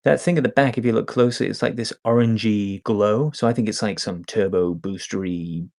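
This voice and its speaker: Low gravelly joking podcast co-host, male. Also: a little mellow. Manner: joking, explains things slowly with fillers. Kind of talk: casual podcast chat.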